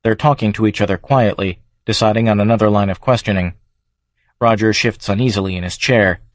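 A man narrating an audiobook in a measured, even reading voice. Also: fairly low pitch, dry recording. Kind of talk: scripted narration.

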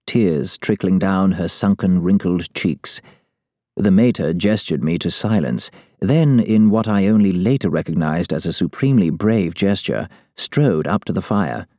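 A man narrating a story in the first person as a letter, with measured, formal, old-fashioned phrasing. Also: low-pitched, warm tone, no echo, clean studio sound.

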